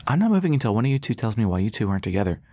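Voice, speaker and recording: A man's voice: lowish voice, sing-song, dark tone, breathy edge, dry recording, clean studio sound, full character voice. A man voicing a brash, playful female pilot who teases and plays matchmaker in an audiobook. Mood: teasing. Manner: teasing, breezy, fast-talking. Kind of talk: audiobook character voice.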